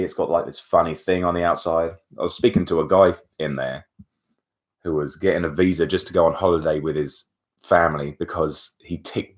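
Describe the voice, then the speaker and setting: Low-voiced young man telling a story. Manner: chatty, animated retelling with asides. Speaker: vlogger. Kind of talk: casual storytelling to camera.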